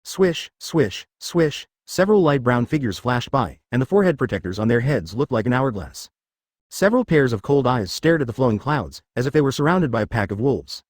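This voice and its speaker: A man's voice: medium pitch, sing-song, a little fast, no room sound, studio quality. A man narrating a translated ninja fan-fiction story in a scripted, synthetic-sounding read.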